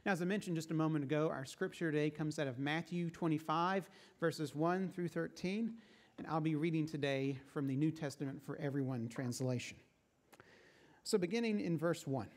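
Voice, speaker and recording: Guy pastor telling a story in his sermon, chatty, voice a bit on the high side. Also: normal speed. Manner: storytelling, conversational.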